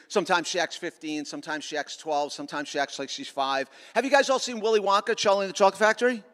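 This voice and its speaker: A middle-aged man with a somewhat high, slightly bright voice gives a joking, sarcastic motivational talk to students at a school assembly. He's in a large school auditorium, and the recording is echoey.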